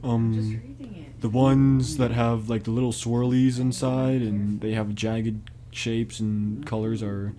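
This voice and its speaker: A man's voice: medium pitch, takes it slowly, mellow. A man co-hosting a casual podcast chat, laughing often and joking around. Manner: giggly, laughs often, jokey and silly. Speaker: podcast co-host.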